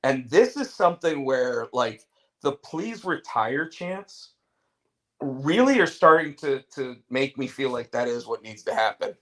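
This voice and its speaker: A man with a voice of ordinary pitch co-hosts a relaxed wrestling talk show. He speaks his mind with a dry, joking edge and answers his co-host in a loose, conversational way. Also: a little slow, low-quality recording. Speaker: podcast co-host. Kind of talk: casual wrestling chat.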